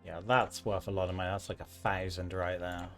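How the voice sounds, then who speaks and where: Gameplay host: relaxed, joking man with a lowish voice, faint music under him. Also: a little fast. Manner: relaxed, joking asides while playing. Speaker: gaming channel host. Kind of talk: casual gameplay commentary.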